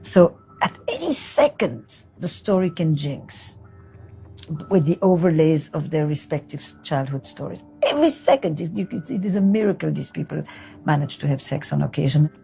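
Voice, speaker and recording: Low-voiced woman therapist, calm and direct. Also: moderate pace, vocal fry, faint music behind. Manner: calm and direct, switching between French and English. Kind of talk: guiding a couples therapy session.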